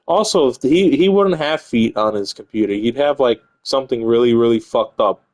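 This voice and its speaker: A man's voice: medium pitch, moderate pace, a little mellow. A male streamer chatting casually while playing a game, rambling and swearing freely. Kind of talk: casual gaming stream chat.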